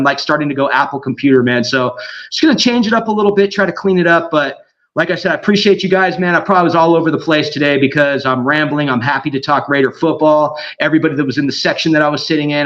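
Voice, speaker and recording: High-voiced excitable man, rambling. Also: quick pace. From Southern California. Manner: excited, rambling, slangy, mimics others in quoted voices. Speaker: guest. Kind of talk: rambling casual podcast chat. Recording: dull lo-fi audio.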